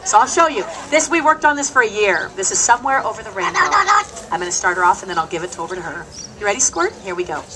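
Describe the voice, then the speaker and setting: A woman's voice: medium pitch, big pitch swings, quick pace. A woman hosting a live animal stage show, cracking self-mocking jokes to the audience. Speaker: bird show host and trainer. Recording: loud noisy live show recording.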